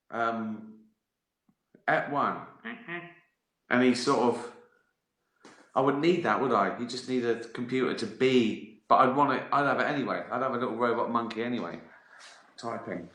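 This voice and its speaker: A man's voice: medium pitch, fairly quick, a bit bright. A man chatting casually to viewers on a livestream, rambling and self-mocking, wandering off on tangents. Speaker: comedian chatting live to viewers. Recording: roomy echoey room.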